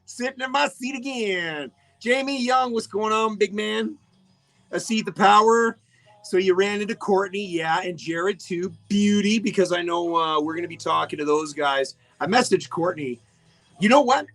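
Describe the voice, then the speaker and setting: A man's voice: high voice, moderate pace, creaky, a bit bright. A man hosting a live radio show in casual, jokey chat, greeting listeners by name. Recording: faint music behind the voice.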